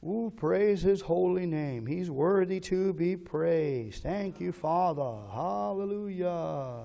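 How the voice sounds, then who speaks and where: A man with a high-pitched voice delivers a sermon as pastor. He leads the congregation in call-and-response lines and swings between quiet, murmured prayer and loud, urgent exhortation. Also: gravelly.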